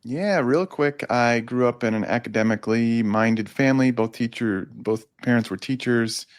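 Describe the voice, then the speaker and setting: A man who is a physician guest on a podcast, telling stories in a quick, easygoing way. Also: medium pitch, no echo, clean studio sound. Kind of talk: casual interview.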